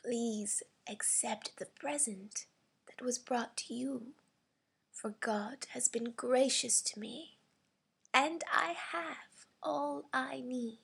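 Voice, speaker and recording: A woman voicing an elderly woman, soft and whispery. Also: a little high, slow pace, vocal fry, breathy edge, exaggerated voice. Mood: frail.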